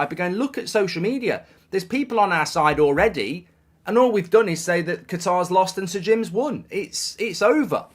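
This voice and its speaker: A man holds forth in an exasperated, sarcastic rant. His voice sits a little higher than most men's, and he stumbles over repeated words when he gets worked up. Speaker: football fan commentator. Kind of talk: ranting opinion monologue.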